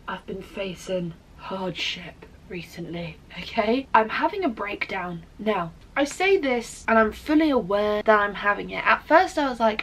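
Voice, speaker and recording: A woman's voice: mid-range voice, animated, unhurried, fairly bright tone, rough recording. A young woman, ranting in a casual vlog, dramatic, sweary and self-mocking. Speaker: vlogger.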